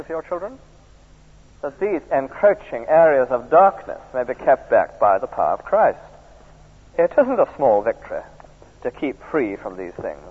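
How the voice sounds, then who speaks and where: Husky preacher, tinny echoey recording. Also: male voice, medium pitch. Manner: keeps drawing in listeners with tag questions. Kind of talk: sermon. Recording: tinny archive recording in a reverberant church.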